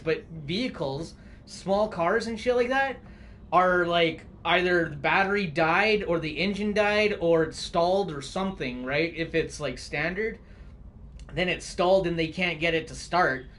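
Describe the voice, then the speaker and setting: High-pitched dude on stream ranting about the road, tons of swearing and likes and dudes. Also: male voice, fairly bright tone, slight background noise. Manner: profane, rambling, heavy on fillers. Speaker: live streamer. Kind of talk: casual rant.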